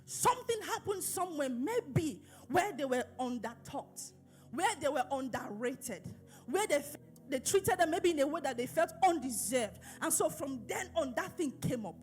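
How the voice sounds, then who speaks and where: A woman's voice: high voice, big pitch swings, moderate pace, faint music behind. A woman pastor preaching an emphatic sermon, repeating phrases and asking her listeners questions.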